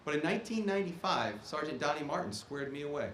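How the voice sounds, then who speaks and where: A man's voice: on the high side, expressive, quick pace, a bit bright, a little hiss or hum. Emphatic man speaking in an echoey auditorium. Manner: emphatic, punctuates points with "okay?". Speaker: guest speaker, Army officer. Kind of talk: ceremony speech. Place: performing arts auditorium.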